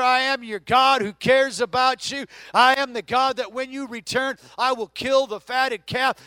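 A man's voice: very high-pitched, dry recording. A man voicing God as a tender, fatherly male figure in a sermon, pleading over and over for his children to come back. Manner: warm pleading, repeating calls to come back.

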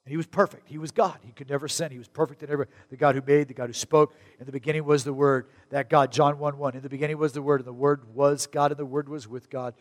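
A middle-aged male pastor from Arizona delivers a sermon in a chatty, animated way, jumping into loud, high bursts of emphasis. His voice sits a little high for a man. The sound carries the long reverb of a large hall. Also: fast talker, hardly any pauses. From Arizona, USA.

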